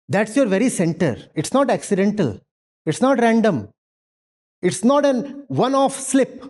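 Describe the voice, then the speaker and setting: A man giving a spiritual lecture with an animated, lively pitch and a mellow, warm tone. He speaks emphatically, pressing his points with rhetorical questions and repeated phrases. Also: unhurried. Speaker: spiritual teacher. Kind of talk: lecture with audience Q&A. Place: university lecture hall.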